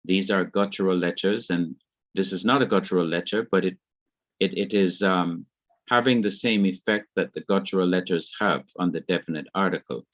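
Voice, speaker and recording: A man teaching a beginner Hebrew class, explaining grammar slowly and repeating each key point. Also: deep voice, no room sound, dull audio.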